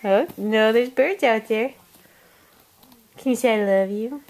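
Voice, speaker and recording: A woman's voice: a little high, a little slow, a little mellow. A young woman talking to a toddler in coaxing, repetitive, sing-song baby talk for a home video.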